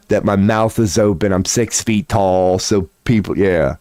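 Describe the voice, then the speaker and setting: A man chatting casually on his livestream, candid and profane, telling animated stories and acting out the voices of the people in them. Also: fairly low pitch, unhurried, smooth, no room sound, clean studio sound. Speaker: tarot reader and streamer.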